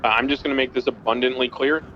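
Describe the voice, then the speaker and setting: A man's voice: mid-range voice, steady tone, fast talker, muffled recording, a little hiss or hum. Blunt male police instructor. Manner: blunt, emphatic, swears casually. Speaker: senior police instructor in a roleplay game. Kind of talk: briefing trainees in a game roleplay.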